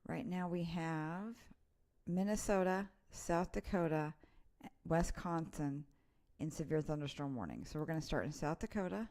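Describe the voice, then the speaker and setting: Low gravelly-voiced woman giving weather updates. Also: lively intonation, moderate pace, darkish tone. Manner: chatty and informal, reading place names off radar. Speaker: weather presenter. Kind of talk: casual live weather update.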